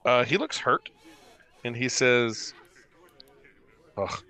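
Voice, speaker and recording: A man narrating as game master of a tabletop game, pausing often with fillers as he describes the scene. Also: medium pitch, expressive, sharp tone. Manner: hesitant, many fillers while describing the scene.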